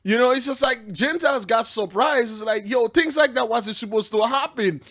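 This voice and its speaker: A man giving casual commentary on a news clip, laughing often, saying "man" a lot, and dropping to quiet low asides. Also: moderate pace. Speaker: online preacher reacting to news.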